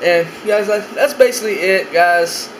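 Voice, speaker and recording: A man's voice: high voice, normal speed, a bit bright, reverberant, slight background noise, low-quality recording. A young man vlogging casually from his bedroom, rambling, swearing a lot and repeating himself. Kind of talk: casual room-tour vlog.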